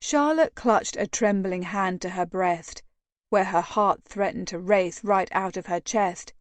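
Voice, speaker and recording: A woman narrating an audiobook in a measured, even reading. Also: mid-range voice, no echo. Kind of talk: scripted narration.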